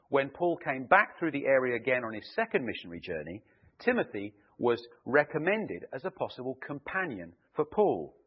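Lively preacher, husky voice. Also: male voice, medium pitch, lo-fi sound. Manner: lively, emphatic delivery, slows to stress key words. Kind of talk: sermon with scripture reading.

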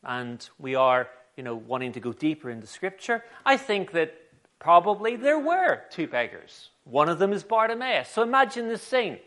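Animated preacher. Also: male voice, sits high, normal speed. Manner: animated storytelling, conversational. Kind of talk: sermon.

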